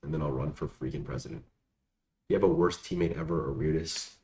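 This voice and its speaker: Speaking briskly in a bass voice that's a little mellow and fairly even in intonation, a young adult man answers viewer questions. The Q&A is casual, slangy and rambling with lots of fillers, captured in an echoey room with faint background noise.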